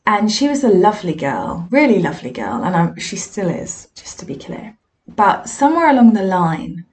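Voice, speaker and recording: A woman's voice: fairly low pitch, darkish tone. A woman, a spiritualist medium and teacher, telling personal stories in a frank, reflective and self-deprecating way. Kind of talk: candid personal storytelling monologue.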